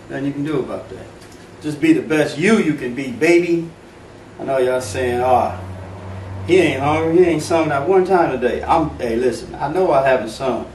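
A middle-aged man hosting a casual home cooking demonstration, joking and chatting straight to his viewers in relaxed slang. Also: mid-range voice, distant mic. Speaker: home cooking video host. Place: home kitchen. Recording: echoey kitchen from off-mic, faint room noise.

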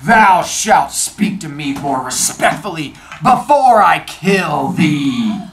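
Haughty giant genie acted by a man, loud, slow and grandly menacing, with a roomy, distant sound. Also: sing-song, crowd noise, exaggerated voice. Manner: booming, slow and stately, archaic speech. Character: haughty giant male genie, grumpy and threatening. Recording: roomy, distant mic, faint noise.

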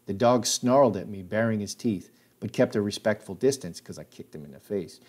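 A man's voice: fairly low pitch, lively intonation, fairly quick, a little mellow. A man recounting his own life story in a casual, spoken way with plenty of filler words. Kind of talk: casual spoken memoir narration.

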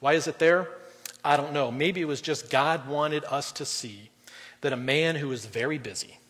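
Middle-aged male preacher, husky tone, fairly high voice, conversational sermon with loud and soft swings. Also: moderate pace. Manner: conversational preaching, swings between loud emphasis and quiet drops. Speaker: guest pastor. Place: church auditorium. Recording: long reverb in a large hall.

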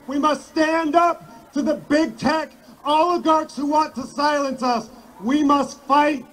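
A man giving a rousing, shouted rally speech outdoors. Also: extremely high pitch, fairly even intonation, slow. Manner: rousing, repetitive exhortations. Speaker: rally speaker. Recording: loud crowd and noise, distant from mic.

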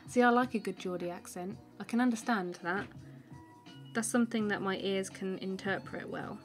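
Woman, live-stream chat, rambling, laughs a lot, lots of filler words, mid-pitched voice. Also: moderate pace, faint music behind. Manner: chatty, laughs often, reads viewer comments aloud and answers them. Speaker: artist live-streaming a drawing.

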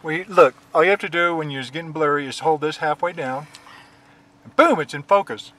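A man's voice: a little high, fairly quick, bright, forceful tone. A man chatting casually on a road trip, directing how the footage should be filmed. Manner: directing the camera, instructive. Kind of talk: casual chat. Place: car or camper on a road trip. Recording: distant voice with faint noise.

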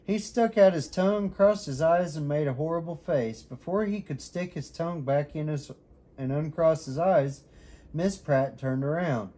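A father reading a children's bedtime story aloud, with an expressive, animated reading. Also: a little high, moderate pace.

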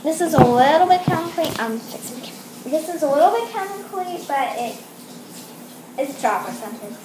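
Young female toy vlogger, bright high voice, breathless excitement, roomy home recording. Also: brisk. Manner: gushing, breathless excitement with frequent exclamations. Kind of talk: excited unboxing vlog. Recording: echoey room with clear background noise.

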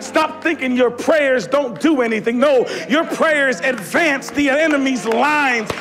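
A middle-aged man preaching a fervent sermon in church, rising to shouts at the peaks. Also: extremely high pitch, a little slow. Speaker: pastor. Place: church sanctuary.

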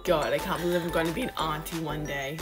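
A young woman co-hosting a casual gaming vlog, excitable and playful. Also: sits low, quick pace. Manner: excitable, playful, gasping reactions. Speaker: channel co-host. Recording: music playing behind.

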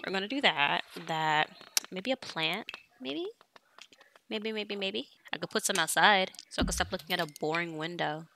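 Playing a life-sim game on stream, this young woman chats casually to viewers while ordering her characters about. She speaks at a moderate pace in a fairly low voice with vocal fry, and there is background noise.

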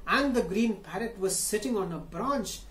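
A woman telling a children's story, slow and sing-song, talking directly to young listeners. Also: mid-range voice, animated, echoey room.

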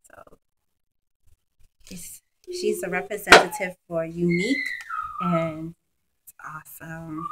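Slow-talking chatty woman vlogger. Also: fairly low pitch, fairly even intonation, heavy background noise. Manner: chatty and gushing, with many fillers. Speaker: beauty vlogger. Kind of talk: casual product review. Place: at home, children nearby.

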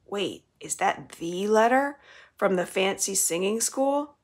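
Spoiled scheming young girl, put on by a woman reader; taunting, mock-sweet, husky edge. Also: medium pitch, expressive, normal speed, fairly bright tone, full character voice. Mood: excited.

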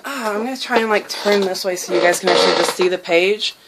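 A young woman vlogging casually about her journal, chatty and excitable, laughing often and full of fillers. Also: medium pitch, fast, vocal fry, very noisy.

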